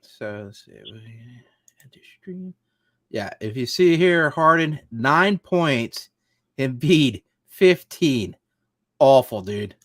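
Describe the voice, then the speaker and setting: A man's voice: medium pitch, expressive, drawn-out words, long pauses, no echo, clean studio sound. A man co-hosting a casual sports podcast, ranting in a frustrated, profane, rambling way. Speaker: podcast co-host.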